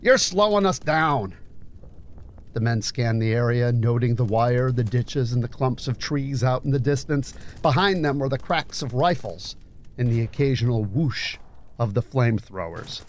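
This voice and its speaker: A man narrating a story in a measured, grave audiobook reading. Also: medium pitch, a little mellow, slight background noise. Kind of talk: scripted narration.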